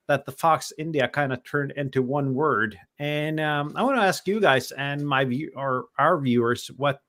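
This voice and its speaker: A man's voice: a little high, a bit bright. A man from Norway hosting a casual panel chat, talking in a loose, hesitant way with lots of fillers and easy laughs. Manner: chatty, hesitant, laughs easily. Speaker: show host.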